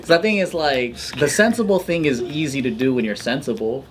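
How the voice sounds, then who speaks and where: A man's voice: mid-range voice, a little fast, a crowd in the background. A man co-hosting a comedy podcast, telling a rambling, self-mocking story in casual chat and swearing often. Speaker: podcast co-host.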